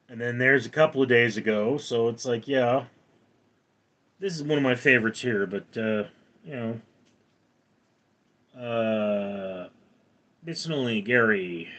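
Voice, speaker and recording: A man in his forties with a mid-range, fairly bright voice hosts a livestream. He reads viewer comments aloud and rambles on in reply.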